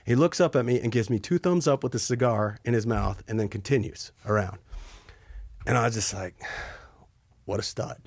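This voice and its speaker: A man telling war stories as a podcast guest, acting out quotes with sudden yelps and hushed asides. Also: mid-range voice, moderate pace, no echo, clean studio sound. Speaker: podcast guest, Army helicopter pilot. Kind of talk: casual storytelling.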